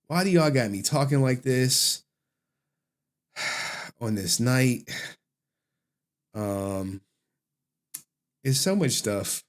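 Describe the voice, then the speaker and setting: A man hosting a livestream, casual slangy commentary with frequent laughter. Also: mid-range voice. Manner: slangy, loose, laughs often. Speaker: livestream host.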